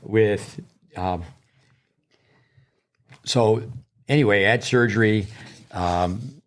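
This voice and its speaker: Rambling low-voiced older man coach. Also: extremely slow. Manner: rambling, digressive, many restarts. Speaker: tennis coach and podcast co-host. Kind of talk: casual storytelling chat.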